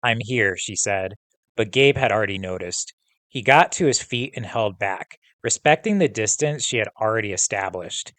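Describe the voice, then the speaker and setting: A male teacher reading a novel aloud to students, pausing to pose comprehension questions in a steady, instructive way. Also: lowish voice, dry recording.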